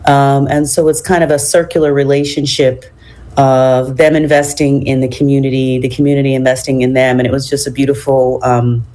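A low-pitched woman hosts a radio talk show, her voice hoarse with a froggy, raspy edge from a cold. Her tone is dark and mellow, and she speaks in a measured way, filling pauses with ums and uhs. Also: level tone.

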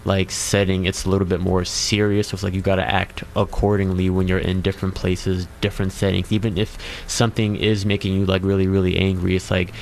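Very deep, gravelly laid-back man. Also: flat delivery, a little fast, hardly any pauses, a little hiss or hum. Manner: laid-back, hesitant, many fillers. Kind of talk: casual talk show chat.

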